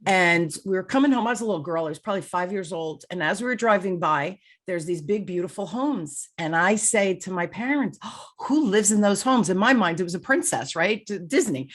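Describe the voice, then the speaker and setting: A woman in her sixties from Newark, New Jersey, hosting a conversational interview and telling stories with animated quoted voices. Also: on the low side, fairly quick, few pauses. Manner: animated storyteller who acts out quoted voices. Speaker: podcast host.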